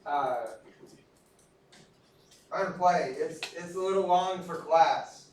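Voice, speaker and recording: A man's voice: a little high, slow, a little mellow, slight background noise. A man from Texas, lecturing a class in a casual, self-deprecating storytelling way. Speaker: instructor. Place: large echoey classroom. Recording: echoey classroom from far off.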